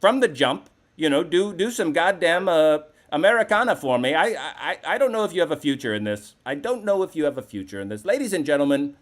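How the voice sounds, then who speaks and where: A man's voice: a little high, sing-song, a little fast, hardly any pauses. A man hosting a live call-in comedy show, talking in a brash, profane, rambling way. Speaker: host.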